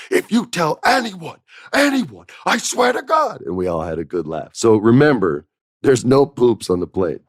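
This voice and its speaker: A middle-aged man hosting a podcast, casually telling a lively anecdote and acting out quoted dialogue with laughs. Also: sits low, no room sound, clean studio sound. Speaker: podcast host. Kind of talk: casual storytelling.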